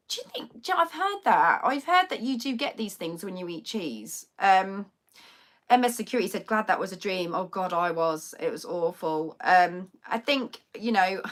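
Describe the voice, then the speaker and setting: A woman's voice: mid-range voice, sharp tone. A woman, chatting casually on a livestream and animatedly acting out the voices in her story. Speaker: livestream host. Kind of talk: casual chat.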